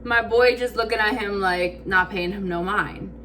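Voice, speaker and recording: A woman's voice: mid-range voice, normal speed, slight background noise. A woman telling a storytime vlog in casual slang, acting out quotes with lots of fillers and swearing. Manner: animated, acts out quotes, frequent "like" fillers. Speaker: vlogger.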